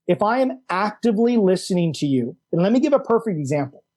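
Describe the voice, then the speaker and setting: A middle-aged man, a coach and author, explaining ideas with animated emphasis, repeating key words for effect. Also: sits high, fast talker. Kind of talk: enthusiastic explanatory conversation.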